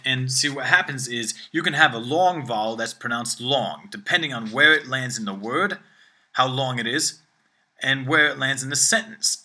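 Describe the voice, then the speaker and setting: A man's voice: medium pitch, sharp tone. A man giving a video language lesson, explaining at length and checking in often with "all right?" and "okay?". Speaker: language teacher. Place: room with phone ringing behind.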